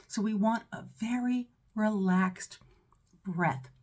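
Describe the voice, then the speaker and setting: A woman's voice: mid-range voice, slow. A woman voice teacher with a mezzo-soprano voice talks students through breathing exercises. She is encouraging and checks in often with "right?" and "okay?". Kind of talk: instructional breathing lesson.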